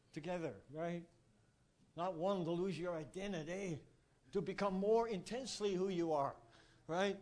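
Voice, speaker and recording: A man giving an informal sermon, telling stories with animated rhetorical asides and frequent chuckles. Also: high-pitched. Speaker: preacher.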